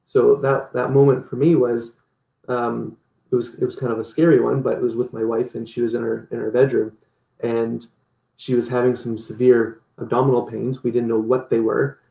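A man being interviewed, telling stories in a lively way and acting out what people said. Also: mid-range voice, normal speed, vocal fry, reverberant. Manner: animated storytelling, acts out quotes. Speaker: guest. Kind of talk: casual interview.

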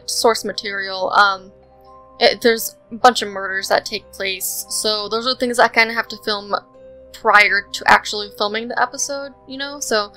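Over footage of a Sims speed build, a young woman rambles chattily, leaning heavily on "um" and "like." The recording is low quality, capturing a sharp voice that sits on the higher side.

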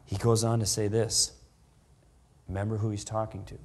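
A man preaching a sermon as pastor, dramatic, swinging from loud to hushed delivery. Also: lowish voice, little pitch movement, normal speed, long pauses. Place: church.

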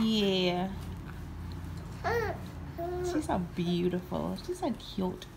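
Young mother, home vlog, lively sing-song baby talk; noisy phone recording. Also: medium pitch, very slow, gravelly, pauses often. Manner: sing-song, cooing and animated with children. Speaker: mother filming her children. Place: at home, indoors. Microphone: phone camera held by the speaker.

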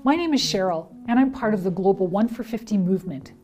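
A woman training teachers and parents, speaking in a clear, deliberate, teacherly way. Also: mid-range voice, animated, darkish tone, soft background music. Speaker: children's ministry trainer. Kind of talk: instructional talk to teachers and parents.

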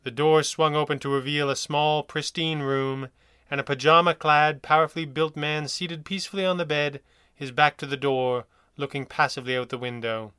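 A man narrating his own pulp adventure story in a measured, dramatic reading. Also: on the high side, steady tone, sharp tone, clean tone, no room sound, studio quality. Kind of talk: scripted narration.

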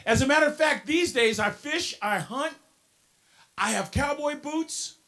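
A man's voice: very high-pitched, unhurried, sharp tone. A man with a Texan accent giving a motivational keynote, folksy and playful, leading the audience in call-and-response. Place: large hall with live audience.

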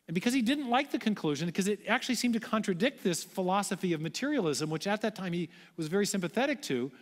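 A man's voice: high voice, long reverb tail. A man giving a public lecture, explaining step by step in an earnest way.

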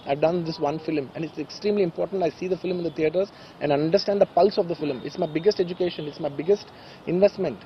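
Fast-talking emotional man. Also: on the high side, lo-fi sound, slight background noise. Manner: earnest, emotional, repeats phrases insistently. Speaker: speaker at a press conference. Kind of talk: emotional press statement.

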